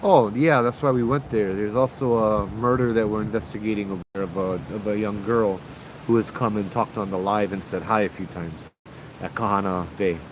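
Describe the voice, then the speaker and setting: A man's voice: lowish voice, steady tone, a little fast, noisy background. A man with a Hawaiian Pidgin accent hosting a casual livestream, telling stories and reading out viewer comments. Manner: chatty, reads viewer comments aloud, frequent "right?". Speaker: paranormal show host.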